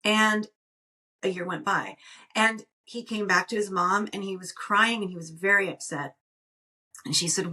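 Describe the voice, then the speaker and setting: Speaking off-mic from a distance, a woman co-hosting a podcast spins lively stories in casual conversation, repeatedly restarting sentences. Her mid-range voice is bright and forceful, with a steady tone and normal pace.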